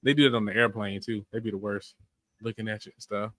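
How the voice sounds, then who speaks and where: A man's voice: on the low side, steady tone, fast talker, a bit bright, no echo. A man co-hosting a podcast in casual chat, easygoing and wry, with a mild way of speaking. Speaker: podcast co-host.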